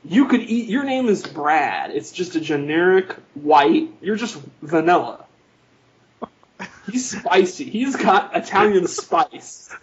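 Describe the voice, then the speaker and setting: A man trades teasing, jokey banter as a podcast co-host, his voice sitting a little high. The audio is muffled and lo-fi, with a faint hiss underneath. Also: expressive, slow. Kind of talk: casual chat.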